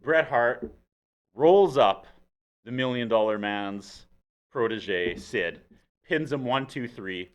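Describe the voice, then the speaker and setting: A man's voice: mid-range voice, slow, long pauses, clear, resonant tone. A Canadian man with a Canadian accent, hosting a casual podcast chat and telling stories with acted-out quotes. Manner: animated storyteller, acts out quotes. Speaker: podcast host.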